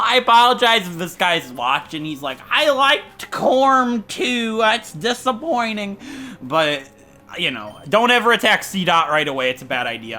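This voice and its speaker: A man's voice: fairly high pitch, sharp tone. A man commentating a game playthrough while telling rambling, self-mocking stories. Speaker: gaming channel host. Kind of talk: let's play commentary with storytelling.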